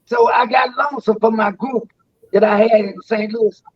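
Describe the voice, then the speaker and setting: Older man, high voice, dry muffled stream audio, rambling storyteller who restarts his words. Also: fairly even intonation, normal speed, no echo. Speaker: interview guest. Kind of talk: storytelling in a live interview.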